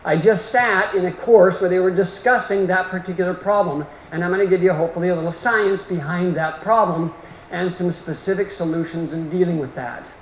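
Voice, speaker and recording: Folksy, animated male lecturer in an echoey hall. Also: high voice, fairly quick. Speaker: orthodontic lecturer. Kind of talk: continuing-education lecture. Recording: echoey hall with faint room noise.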